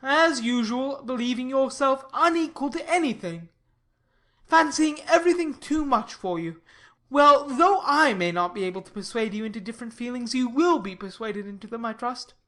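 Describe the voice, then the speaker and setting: A woman reads the part of a sober, earnest young gentleman in a classic audiobook. He speaks in a measured, persuasive way, his voice pitched a little high. It is plain storybook reading rather than a put-on character voice. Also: expressive.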